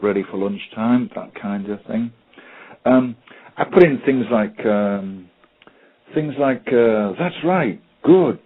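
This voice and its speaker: A UK man presents a webinar as a special needs technology trainer, hesitant and full of ums and stories. His voice is fairly low and slightly rough, heard over a tinny, phone-like line.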